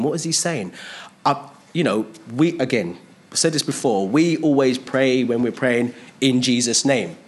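A man preaching a sermon in a conversational way, stressing points by repeating phrases. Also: medium pitch.

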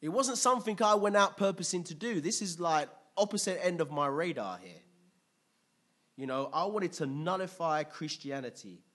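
A man preaching a sermon in a conversational, lively way, asking the congregation questions. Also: on the high side, moderate pace.

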